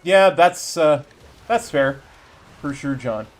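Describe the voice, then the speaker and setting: A man's voice: a little high, expressive, slow pace. A young Canadian man with a Canadian accent chatting casually while streaming a game, rambling with lots of ums and restarts. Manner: rambling, many fillers and restarts. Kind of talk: casual chat while gaming.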